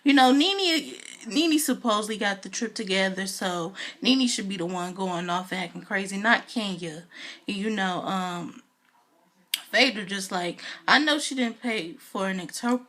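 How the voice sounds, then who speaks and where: A woman's voice: mid-range voice, moderate pace, fairly bright tone. A woman recapping a reality show on her video channel, chatty and opinionated, with lots of fillers and asides. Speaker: video reviewer.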